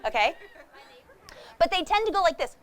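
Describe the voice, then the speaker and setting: A woman giving a lively talk about wild animals to a young audience, animated and often laughing as she speaks straight to the crowd. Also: very high-pitched, moderate pace. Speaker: wildlife educator with animal ambassadors. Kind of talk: lively presentation to kids.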